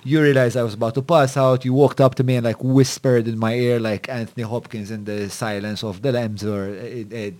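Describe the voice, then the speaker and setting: A man's voice: mid-range voice, steady tone, a little fast, few pauses, darkish tone. A man in a mid-range voice hosting a casual podcast. He tells stories in a rambling way, restarting his sentences and swearing as he goes. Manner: rambling storyteller, frequent restarts and profanity.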